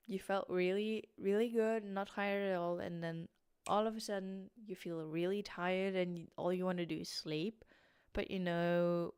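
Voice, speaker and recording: A woman's voice: lowish voice, darkish tone, clear, resonant tone, no echo, clean studio sound. A tired young woman with a British-tinged accent, chatting casually and rambling on a late-night livestream, full of restarts and fillers. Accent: British-tinged English. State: sleepy, tired. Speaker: streamer.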